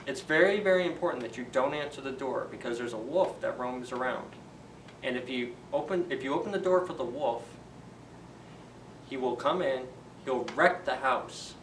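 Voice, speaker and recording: A man's voice: medium pitch, lively intonation, moderate pace, a bit bright, slight background noise, close to an everyday voice. A man voicing a caring, protective mother goose who earnestly warns her goslings in a storybook tale. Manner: earnest, warning tone. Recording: roomy echo, distant from the mic.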